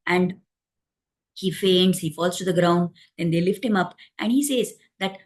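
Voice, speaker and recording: A woman narrating a devotional story in a calm, explanatory way, adding moral lessons. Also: fairly low pitch, normal speed.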